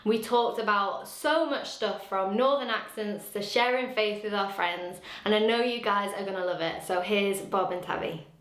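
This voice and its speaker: A woman's voice: mid-range voice, moderate pace, few pauses, a bit bright. A woman with a northern English Lancashire accent hosting a youth group chat, bubbly and enthusiastic. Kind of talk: casual video-call chat. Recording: echoey room.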